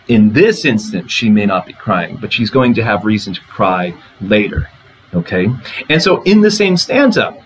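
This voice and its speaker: A man's voice: lowish voice, slight background noise, poor audio. A man lecturing on a poem, talking through it line by line and asking the class rhetorical questions. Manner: conversational, asks rhetorical questions. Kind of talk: literature lecture.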